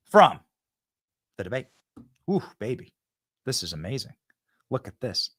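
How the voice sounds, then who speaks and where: A man's voice: mid-range voice, measured pace, pauses often, breathy edge, no echo. Guy hosting a live political stream, voice jumps all over, joking around, dry close sound. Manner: joking, animated, teasing crew. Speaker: host. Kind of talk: live political show chat.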